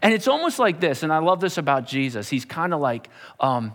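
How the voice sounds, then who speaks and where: Animated preacher man in a reverberant hall. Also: a little high, brisk, few pauses. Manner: animated storytelling, repeats words when building up. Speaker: pastor. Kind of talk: sermon.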